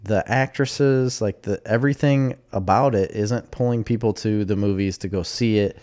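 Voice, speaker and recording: A man's voice: lowish voice, steady tone, moderate pace, darkish tone. Opinionated man in casual podcast chat. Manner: opinionated, talks over his co-host. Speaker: podcast co-host.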